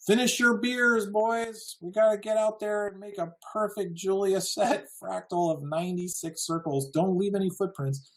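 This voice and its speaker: A man's voice: sits high, fairly even intonation, moderate pace, fairly bright tone, voice pushed up, rough recording. An American man voicing a rowdy young male prankster bossing his beer-drinking buddies.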